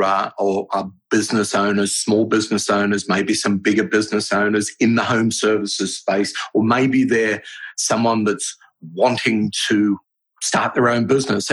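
A man in middle age answers interview questions about running a business. His voice is husky and sits lowish, and he talks earnestly, circling back and restarting his sentences as he works through his points. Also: poor audio. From Australia. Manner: rambling, earnest, with many restarts. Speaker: business owner guest.

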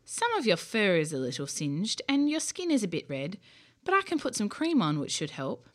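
A woman's voice: medium pitch, huge pitch swings, moderate pace. A woman doing a kind, reassuring aunt. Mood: caring. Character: kind, caring aunt, middle-aged woman. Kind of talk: bedtime story character voice.

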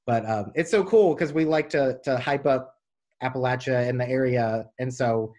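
A man's voice: medium pitch, moderate pace, darkish tone. Male podcast host, eager and hesitant, everyday mid-range voice. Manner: enthusiastic, hesitant with many ums. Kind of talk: casual podcast conversation.

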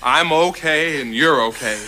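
An actor playing a pushy, upbeat psychiatrist in a TV comedy sketch, coaxing and insistent like a pep talk. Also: male voice, on the high side, measured pace, sharp tone.

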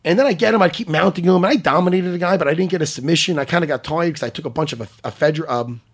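A man in his forties hosting a casual chat, loud, profane and excitable, telling stories in fast bursts. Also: fairly high pitch. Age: 40s. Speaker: host.

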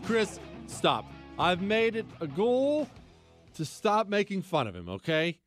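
A man's voice: high voice, big pitch swings, takes it slowly, over music. A man hosting a talk radio show, delivering a sarcastic political commentary monologue with mocking repetition and incredulous outbursts.

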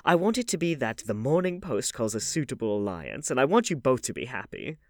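A man reading an audiobook, voicing an elderly aristocratic hostess in a high, emphatic falsetto. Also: big pitch swings, fairly quick, dry recording, clean studio sound. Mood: scandalized gossip. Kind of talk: audiobook character voice.

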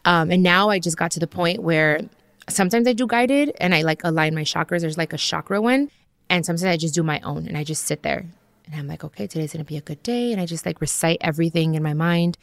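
A woman's voice: lowish voice, fairly quick, dry recording, clean studio sound. A woman, hosting a podcast and talking casually and candidly about prayer and meditation, full of "like" and little asides. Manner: candid, chatty, peppered with "like". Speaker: podcast host. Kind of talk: casual spiritual talk.

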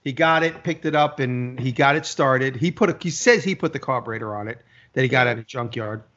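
A man talks at a quick clip, piling one story onto the next with loose profanity. He is a guest in a casual podcast chat. The recording sounds dull and lo-fi. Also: medium pitch. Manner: animated storyteller, swears freely.

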